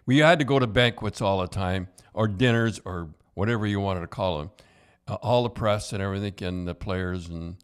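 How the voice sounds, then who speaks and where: Rambling older man telling stories. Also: lowish voice. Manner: rambling anecdotes with restarts and chuckles. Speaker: podcast host, former hockey coach. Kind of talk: casual storytelling chat.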